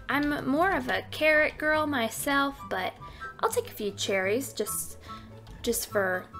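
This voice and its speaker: A woman's voice: sits high, a bit bright. A young woman hosting a casual Minecraft let's play, playful and chatty, often squealing over cute animals and repeating a silly oink catchphrase. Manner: playful, keeps saying oink oink oink. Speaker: gaming channel host.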